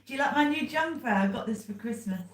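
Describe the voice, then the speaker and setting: A woman's voice: high voice, expressive, fast, echoey room. A woman joining her partner's livestream from off to the side, giggling and chatting casually. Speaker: co-host, host's partner. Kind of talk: casual live chat.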